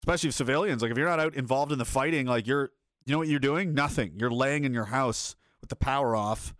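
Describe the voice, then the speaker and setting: A man's voice: medium pitch, fast talker, fairly bright tone, no echo, studio quality. A man hosting a livestream and reading chat aloud, riffing sarcastically with lots of swearing and laughter.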